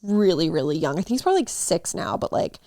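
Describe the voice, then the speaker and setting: A woman's voice: lowish voice, sing-song, fast, a little mellow, no echo, studio quality. A young woman co-hosting a podcast, reading a story aloud and chatting casually with swearing and laughter. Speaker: podcast co-host.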